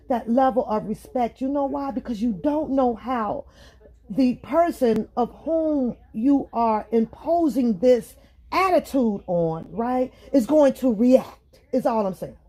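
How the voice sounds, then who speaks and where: Female host, high voice, profane, animated, laughing through a casual opinion rant. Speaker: talk show host.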